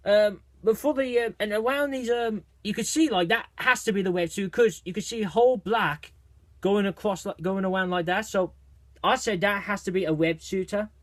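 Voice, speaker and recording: Reviewing a movie trailer for a casual video, this man speaks at a normal speed in a high voice, full of excitement, fillers and false starts as he rambles along. The recording is dry.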